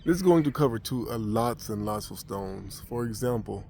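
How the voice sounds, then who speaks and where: Low-voiced American man, rambling storyteller. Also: animated, moderate pace, dark tone, a little hiss or hum. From United States. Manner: rambling, many restarts and fillers. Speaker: vlogger. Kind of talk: casual vlog storytelling.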